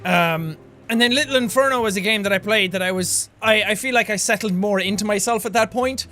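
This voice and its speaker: Bright, excitable Irish man. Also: high voice, soft background music. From Ireland. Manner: excitable, self-deprecating, quick exclamations. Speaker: YouTuber reacting to his old videos. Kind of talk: casual reaction commentary.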